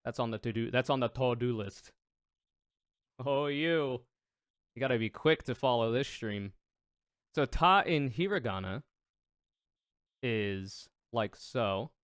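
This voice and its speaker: A man's voice: medium pitch, animated, a little slow, pauses often, fairly bright tone, no room sound. A man chatting casually on his livestream, rambling and joking at his own expense. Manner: rambling, self-mocking, jokey.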